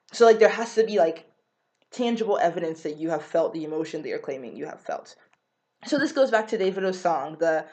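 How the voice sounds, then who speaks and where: A young woman speaks in a relaxed vlog. Her voice sits a bit low. She is chatty and rambling, with frequent fillers and quick self-corrections as she explains. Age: young adult. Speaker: vlogger.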